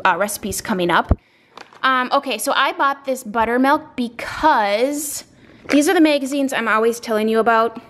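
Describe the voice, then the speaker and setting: Chatty mom, higher voice. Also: female voice, a bit bright. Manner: rambling, talkative, lots of fillers and asides. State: slightly out of breath. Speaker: vlogger showing a grocery haul. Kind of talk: casual chatty haul video.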